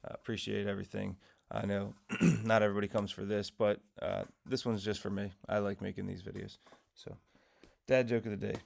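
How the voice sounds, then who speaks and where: A man's voice: lowish voice, flat delivery, brisk, creaky, a little mellow. A man hosting his investing channel, giving a casual, rambling weekly recap of his trades and dividends in his morning voice, correcting himself as he goes. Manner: rambling, self-correcting, tells dad jokes.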